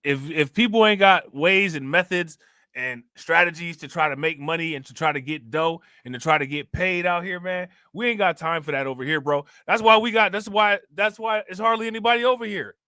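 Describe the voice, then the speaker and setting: A man hosting a casual crypto livestream, chatting in relaxed slang, laughing often and thanking viewers for their comments. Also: high-pitched, fairly quick, dry recording, clean studio sound. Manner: laid-back slangy talk with frequent laughs. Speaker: crypto channel host.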